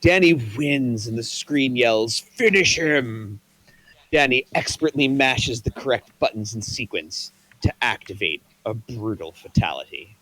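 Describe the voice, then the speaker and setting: A man reads scene directions aloud for a table read. His delivery is plain and even, setting each scene. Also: mid-range voice, unhurried, few pauses. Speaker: narrator reading stage directions.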